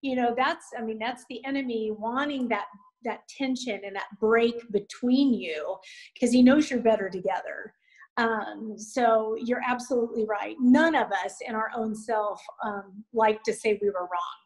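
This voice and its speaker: A middle-aged woman talks on a faith-based panel with an earnest, encouraging manner. Her voice sits a little on the high side. She often plays out the words people could say to one another. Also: low-quality recording. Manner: earnest, encouraging, quick with asides. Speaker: youth ministry guest mom.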